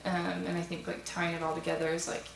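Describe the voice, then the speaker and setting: A woman's voice: on the low side, monotone, fast, vocal fry. A woman on a thesis panel asking the student rambling, thoughtful questions with many ums, speaking into a microphone handed around a school room. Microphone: passed microphone. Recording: roomy, distant, noisy room sound.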